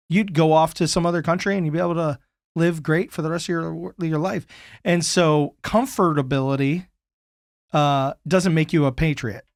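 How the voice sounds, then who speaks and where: A man's voice: on the high side, dry recording, studio quality. A man hosting a podcast, affirming his guest and talking with many restarts and repeated words. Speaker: podcast host. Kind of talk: conversational interview.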